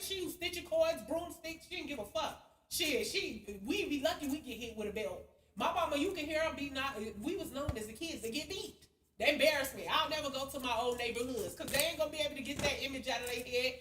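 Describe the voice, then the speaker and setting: A young woman who runs a spiritual vlog speaks in a high-pitched, slightly bright voice. She tells a heated story as a blunt, casual rant, cursing heavily. The sound is echoey, captured far from the mic with a faint hiss.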